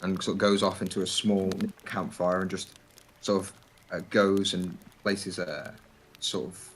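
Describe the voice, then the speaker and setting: A man with a very deep voice narrates a tabletop session as game master. He describes scenes loosely, with many fillers, over a faint hiss. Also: level tone, unhurried, fairly bright tone, poor audio.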